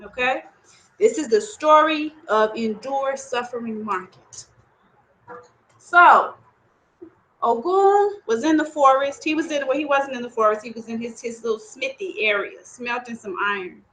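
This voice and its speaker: A woman telling a traditional story aloud in an animated, conversational way with many asides. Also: fairly high pitch, a little slow, low-quality recording. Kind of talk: oral storytelling of Yoruba myths.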